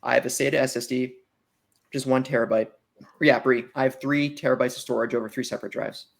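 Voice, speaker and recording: A podcast co-host chats casually, rambling and often trailing off mid-sentence. He speaks fast in a mid-range voice with a steady tone and vocal fry.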